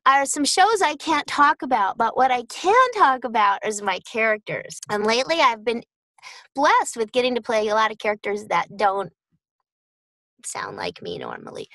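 A woman's voice: fairly high pitch, sharp tone, no echo, poor audio. A middle-aged voice actress talking casually and upbeat about her work, calling listeners darling. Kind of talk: casual chat.

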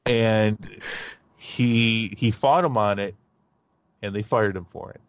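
A man hosting a podcast in a casual chat, rambling with lots of fillers and restarts and getting animated. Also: fairly low pitch, slow pace, dry recording. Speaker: podcast host.

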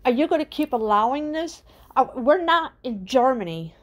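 A woman's voice: sits high, animated, moderate pace. A middle-aged woman hosting her own channel, delivering an indignant political rant and firing off repeated rhetorical questions. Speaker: channel host.

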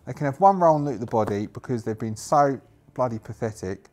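A man's voice: medium pitch, expressive, brisk, a little mellow. A man narrating a solo tabletop game, thinking aloud and rambling with many fillers.

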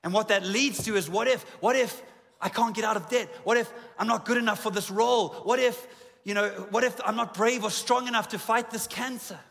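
A man's voice: sits high, brisk, vocal fry, fairly bright tone. A man pastor preaching a sermon in a church auditorium, joking at his own expense and stacking emphatic repeated lists. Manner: humorous, self-deprecating asides. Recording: long hall reverb in a church.

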